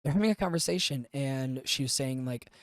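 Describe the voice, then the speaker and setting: A man's voice: mid-range voice, fairly quick, no echo, clean studio sound. A man hosting a podcast, recapping an anime in a loose, profane, chatty way with lots of fillers. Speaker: podcast host. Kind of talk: casual anime review recap.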